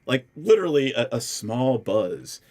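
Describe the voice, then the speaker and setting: A man running a tabletop game as dungeon master, narrating with many pauses and fillers. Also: mid-range voice, sing-song, crowd noise. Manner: hesitant, filler-heavy narration.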